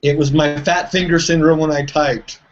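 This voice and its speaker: Relaxed man on a muffled call. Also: a little high, normal speed. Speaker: guest on a web hangout. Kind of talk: casual chat. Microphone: video call. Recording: muffled web call audio.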